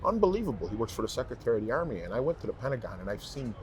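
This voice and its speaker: A man's voice: on the low side, lively intonation, very fast, over loud music. A man, a guest in an interview, telling heartfelt stories in casual conversation and repeating phrases for emphasis. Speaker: interview guest, professional singer.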